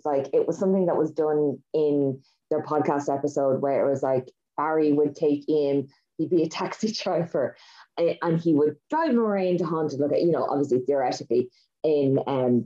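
A woman's voice: deep voice, warm tone. A woman co-hosting a podcast, telling a story in an enthusiastic, rambling way with lots of fillers. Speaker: podcast co-host. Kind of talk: casual chat. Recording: dull lo-fi sound.

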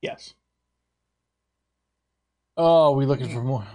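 A man's voice: mid-range voice, takes it slowly, warm tone. A young man with an American accent, chatting casually over online voice chat, teasing and swearing freely.

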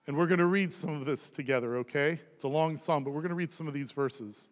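A man in his thirties preaching a sermon as pastor, impassioned, rising to loud emphasis and dropping to hushed near-whispers. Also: on the high side, normal speed. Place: church sanctuary. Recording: long reverb of a large hall.

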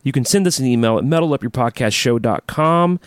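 A man co-hosts a podcast with an animated, swinging delivery. He is enthusiastic and jokes often. The sound is close and dry. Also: mid-range voice, a little fast, no echo. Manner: lively, enthusiastic, jokey. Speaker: podcast co-host. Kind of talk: casual podcast chat.

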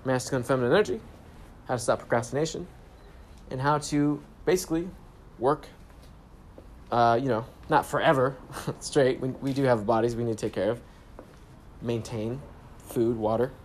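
Young male vlogger, relaxed storyteller, casual profanity, spiritual sign-offs, mid pitch. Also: moderate pace, long pauses, slight background noise. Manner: laid-back, swears freely, spiritual catchphrases. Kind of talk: casual self-help vlog storytelling. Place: grocery store trip, talking on the go.

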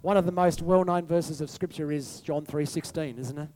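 Male pastor, high voice, preaching a sermon that builds from hushed to fervent, faint music underneath. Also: moderate pace. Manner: soft and hushed at first, building to a rising passionate appeal. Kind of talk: sermon over worship music.

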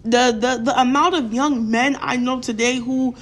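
The speaker, a young female vlogger, has a voice that sits high, with fairly even intonation and a moderate pace. Addressing her viewers directly, she delivers a blunt, profane, fired-up opinion rant, often doubling up words for emphasis.

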